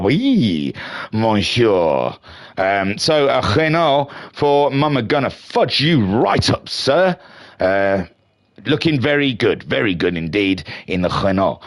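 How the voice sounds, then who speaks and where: A man giving playful, jokey live commentary on a sim racing league from home. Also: medium pitch. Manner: playful, jokey, builds to excited shouting at the start. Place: home room.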